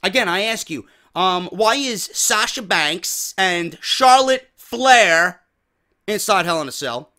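A man's voice: high-pitched, lively intonation, slow, pushed and bright. A man with a New York accent hosting a wrestling podcast, ranting profanely and firing off rhetorical questions. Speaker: podcast host.

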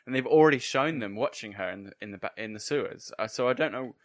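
A man's voice: mid-range voice, fast, no room sound, studio quality. A man co-hosting a casual podcast, laying out his criticisms of an episode's plotting and pacing in an analytical way. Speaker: podcast co-host. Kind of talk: casual discussion.

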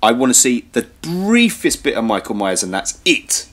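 A man co-hosting a casual film podcast, talking in rambling, animated bursts with frequent restarts. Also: mid-range voice, moderate pace. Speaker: podcast co-host. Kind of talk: casual chat.

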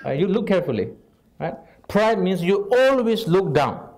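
A man with non-native English giving an informal Buddhist teaching, lively and direct, checking in often with the audience. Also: high-pitched, moderate pace. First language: Tibetan. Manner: animated, asks "right?" constantly, non-native phrasing. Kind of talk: informal dharma talk.

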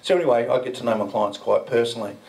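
A crypto business founder tells a story to a conference audience at an indoor venue, loose and chatty, with rambling asides and mild swearing. His mid-range voice is gravelly, darkish, and rapid-fire, captured from a distance in a low-quality recording.

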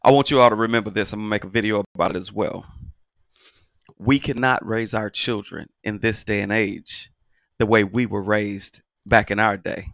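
A man's voice: on the low side, fairly even intonation, moderate pace, gravelly, fairly bright tone, no room sound. A man giving parenting advice in a casual monologue, emphatic and folksy, repeating phrases for stress. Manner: folksy, talks straight to viewers.

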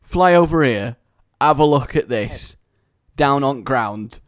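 A man hosting a gaming video with casual, jokey commentary, often excited and laughing. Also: medium pitch, takes it slowly, smooth, no room sound, clean studio sound. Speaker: gaming channel host.

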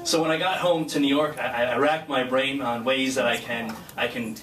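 A man's voice: mid-range voice, fairly even intonation, brisk. A man giving a personal speech at a graduation ceremony, telling an earnest, chatty story and laughing along the way. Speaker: guest speaker, flight crew member. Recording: distant mic in echoey hall, noisy.

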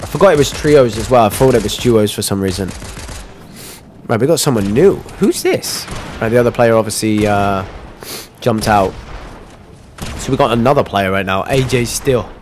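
A man streaming a live shooter game and chatting to viewers, trailing off into low mutters and then breaking into loud frustrated outbursts. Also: moderate pace, long pauses, a little hiss or hum. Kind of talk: casual live game commentary.

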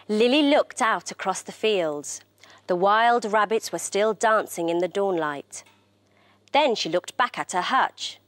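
A woman presenter reading a children's story aloud in an expressive, animated way. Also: mid-range voice, a little slow, no room sound.

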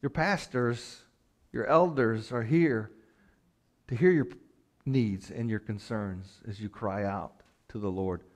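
With a mid-range voice, a male pastor delivers a sermon that builds in passion. He questions the congregation directly, then falls to a soft, slow delivery.

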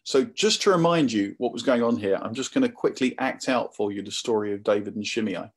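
A man preaching a sermon in a conversational, animated storytelling manner. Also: lowish voice, fairly quick, breathy edge.

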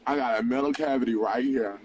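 A man's voice: mid-range voice, fairly quick, darkish tone, far from the mic, a little hiss or hum, poor audio. Profane preachy young man streaming. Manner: profane, preachy, swings between teasing and confessional. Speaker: livestream host. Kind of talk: mock sermon and casual livestream talk.

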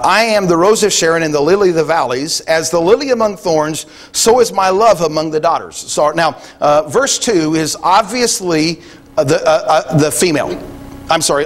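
A man preaching a sermon in a conversational way, thinking aloud with frequent restarts and quoting scripture. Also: on the high side. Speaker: pastor.

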